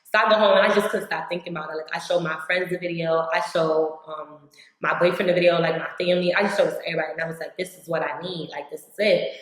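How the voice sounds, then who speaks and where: A woman's voice: fairly low pitch, steady tone, rapid-fire. A young woman from New York vlogging a casual life update, chatty, saying "like" constantly and acting out her own past words. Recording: very echoey room.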